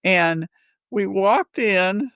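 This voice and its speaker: Chatty, gravelly woman. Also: medium pitch, drawn-out words, fairly bright tone, no room sound. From Missouri. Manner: chatty, rambling, laughs often. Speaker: podcast co-host. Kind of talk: casual storytelling chat.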